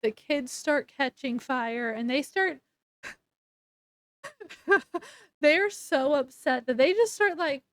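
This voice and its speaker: A woman's voice: sits high, lively intonation, slow, long pauses, a bit bright, no room sound, studio quality. A woman casually retelling a novel's plot in a rambling, chatty way, full of fillers and restarts. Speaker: book reviewer. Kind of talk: casual book review recap.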